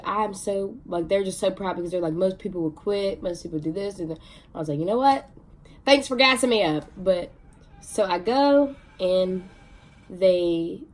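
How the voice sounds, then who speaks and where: A young woman vlogging, telling her own story in a chatty, excitable way with many fillers. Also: fairly low pitch, a little hiss or hum. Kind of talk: casual storytelling to camera.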